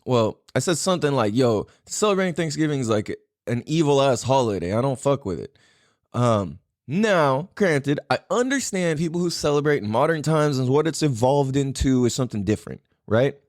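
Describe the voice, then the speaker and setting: A man's voice: mid-range voice, expressive, moderate pace, no room sound, clean studio sound. A man hosting a podcast with a Southern Californian accent, talking loosely and profanely, laughing often in a casual solo monologue. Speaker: podcast host.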